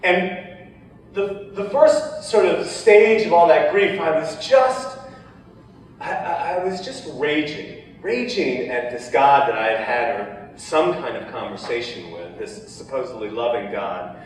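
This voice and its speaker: A man telling a personal story of grief, halting and emotional, with many restarts. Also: medium pitch, animated, slight background noise. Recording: echoey hall, heard from far off.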